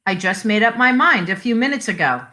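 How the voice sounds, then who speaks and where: A woman's voice: mid-range voice, lively intonation, a little fast, pushed and bright. A woman reading the part of an impulsive middle-aged husband who speaks in short, insistent phrases.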